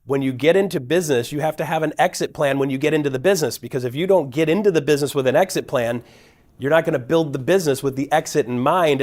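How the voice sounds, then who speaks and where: Middle-aged male speaker, mid-range voice, casual and energetic storyteller who acts out the people he quotes. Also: medium pitch. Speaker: guest speaker at a real estate event. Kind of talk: personal storytelling talk.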